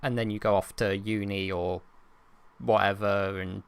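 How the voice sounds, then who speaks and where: A man's voice: lowish voice, steady tone, a little slow, creaky, smooth, no echo. A young man, co-hosting a casual podcast chat, chatty and self-mocking. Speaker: podcast co-host.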